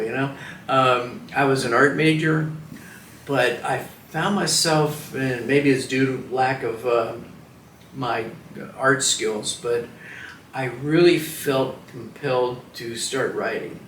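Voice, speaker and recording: A man's voice: medium pitch, steady tone, takes it slowly, fairly bright tone, slight background noise. A man in his seventies, a veteran giving an oral history interview, who speaks hesitantly and reflectively with many fillers and restarts. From Washington, DC, United States. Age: 70s. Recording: roomy sound from a distant mic.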